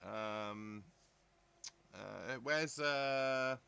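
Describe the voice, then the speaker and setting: A man's voice: medium pitch, extremely slow, gravelly, bright, forceful tone, smooth. A middle-aged man from southern England chatting casually on a live stream, rambling and musing aloud as he answers comments from his viewers. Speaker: live stream host reading chat. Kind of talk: casual live-chat talk.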